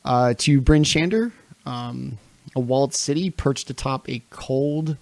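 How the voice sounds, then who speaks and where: Slow, gravelly-voiced game master. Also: male voice, mid-range voice, darkish tone, no echo. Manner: slow, with frequent ums and pauses. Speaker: dungeon master. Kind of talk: tabletop game narration. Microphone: home mic on a livestream.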